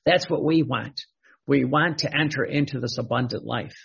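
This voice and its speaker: A man's voice: mid-range voice, normal speed, vocal fry, fairly bright tone, slightly rough. A man preaching a sermon, repeating questions and restarting phrases as he teaches. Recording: dull lo-fi recording.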